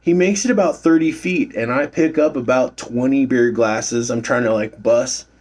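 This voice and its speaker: A man's voice: mid-range voice, normal speed, a little mellow. A middle-aged man recording himself at work, telling a rambling story about his bouncer days with fillers and swearing. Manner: rambling, swears freely, many fillers and restarts. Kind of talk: casual storytelling vlog. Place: at his workplace.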